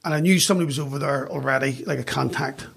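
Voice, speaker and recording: A middle-aged man with a Northern Irish accent, chatting as a podcast guest and telling self-mocking stories in an animated way. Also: medium pitch, fast talker, vocal fry, husky. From West Belfast, Northern Ireland. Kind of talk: casual storytelling.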